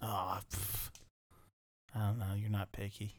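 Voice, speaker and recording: A man's voice: lowish voice, flat delivery, measured pace, gravelly, no echo, clean studio sound. A man co-hosting a casual comedy podcast, answering quiz questions with mumbled guesses and frequent laughter.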